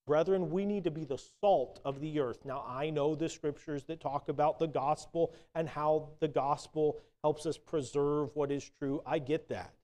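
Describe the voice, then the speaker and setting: A man preaching a sermon in a relaxed, conversational storytelling way, with some hesitant restarts. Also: on the high side, moderate pace, hardly any pauses.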